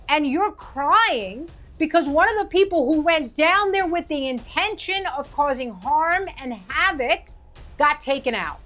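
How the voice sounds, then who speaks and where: A woman with a high-pitched voice delivers a heated commentary monologue. She sounds indignant and emphatic and fires off one rhetorical question after another. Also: a bit bright. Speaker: political commentator.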